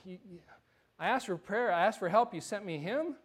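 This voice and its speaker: Guy doing a stressed-out crying mom talking to god, high pitched. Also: expressive, moderate pace, breathy edge. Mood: bewildered. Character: stressed, tearful mother, woman.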